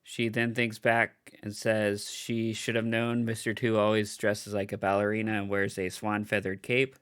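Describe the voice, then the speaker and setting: A man co-hosting a podcast, walking through an episode's plot in a steady, orderly way. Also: on the low side, normal speed, smooth. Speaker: podcast co-host. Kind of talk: casual episode recap.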